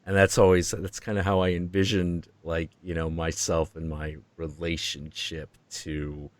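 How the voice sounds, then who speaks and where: Deep-voiced man musing slowly. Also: little pitch movement, no echo. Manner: slow, reflective, musing with many pauses. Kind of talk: casual chat.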